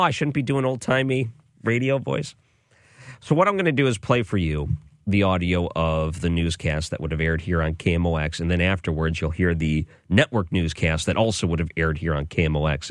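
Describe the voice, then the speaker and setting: Male radio host, very deep voice, enthusiastic casual delivery, dry close studio mic. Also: dry recording. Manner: enthusiastic, chatty, with restarts. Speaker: overnight radio show host. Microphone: studio microphone.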